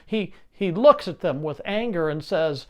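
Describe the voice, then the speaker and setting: A man preaching a sermon, reading scripture and then explaining it with rhetorical questions and lively emphasis. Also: fairly high pitch, measured pace.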